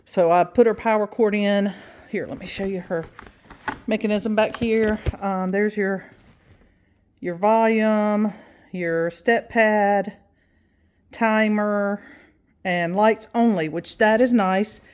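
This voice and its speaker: A woman's voice: mid-range voice, fairly even intonation, slow pace, pauses often, a little mellow, clear, resonant tone. Chatty woman showing off a prop. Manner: chatty and enthusiastic, with frequent fillers. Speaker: Halloween prop reviewer. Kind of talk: casual unboxing and assembly vlog.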